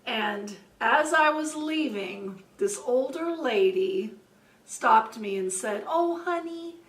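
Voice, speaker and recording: A woman in her sixties telling a story in casual chat with her sister, animated and acting out the voices of the people in it. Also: on the high side, slow pace, reverberant. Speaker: vlog co-host. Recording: distant mic with faint background ambience.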